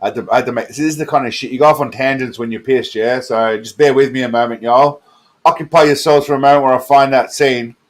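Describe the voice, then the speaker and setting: A man's voice: mid-range voice, steady tone, quick pace. Rambling, chuckling man reacting to clips. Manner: rambling, profane, chuckling, goes off on tangents. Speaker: reaction video host. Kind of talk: casual commentary over clips.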